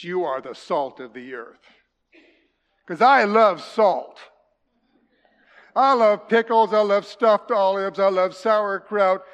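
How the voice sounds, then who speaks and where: Older male pastor, high-pitched, storytelling sermon, reverberant hall. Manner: folksy storytelling with jokes, drops to a soft hush. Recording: long reverb of a large hall.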